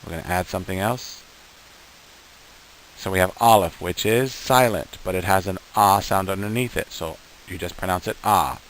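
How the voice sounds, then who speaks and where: Low-voiced patient male language teacher. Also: fairly bright tone, a little hiss or hum, low-quality recording. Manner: patient, slow, repeats sounds for the learner. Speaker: Hebrew teacher. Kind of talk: beginner language lesson.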